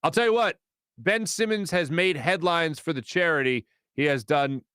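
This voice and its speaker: A man's voice: fairly high pitch, normal speed, fairly bright tone, smooth, no room sound. A man hosting a sports morning show from a radio studio, chatting casually and rambling as he greets viewers and reads their comments aloud. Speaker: sports radio host reading live chat. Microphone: studio microphone.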